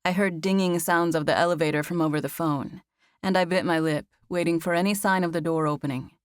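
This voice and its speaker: A woman narrating a romance novel in the first person, in an even, intimate storytelling manner. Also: lowish voice, a little fast, clear, resonant tone, dry recording, clean studio sound. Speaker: audiobook narrator.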